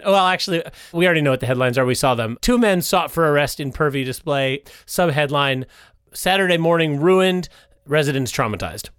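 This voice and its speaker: A man's voice: fairly high pitch, expressive, a little fast, fairly bright tone, clean tone, no echo, clean studio sound. A man improvising a comedy bit as an indignant mayoral candidate.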